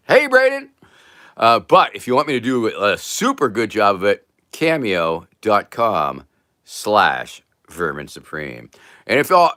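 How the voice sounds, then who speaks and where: Dry, animated man hosting a livestream. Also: fairly low pitch, no echo. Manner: reads viewer names aloud with dry jokes. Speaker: livestream host. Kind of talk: casual livestream chat.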